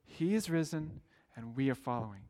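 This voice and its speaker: A man's voice: medium pitch, animated, normal speed, a little mellow. A man preaching a sermon as pastor, earnest and storytelling, building to emphatic exclamations.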